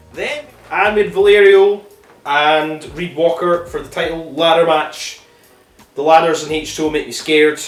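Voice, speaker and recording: A man's voice: fairly high pitch, fairly bright tone, far from the mic. A man with a slightly raised voice recaps matches in a loose, rambling way, swearing at every turn and stumbling over ums and self-corrections. He sits some way back from the mic in an echoey room, with faint music playing underneath. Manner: profane, swears constantly. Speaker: wrestling review podcast host.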